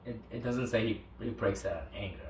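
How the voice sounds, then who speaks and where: A man's voice: lowish voice, fast talker, a little mellow. A man in a casual Bible discussion, asking and musing in a thoughtful, hesitant way. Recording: distant mic in echoey room, faint hiss.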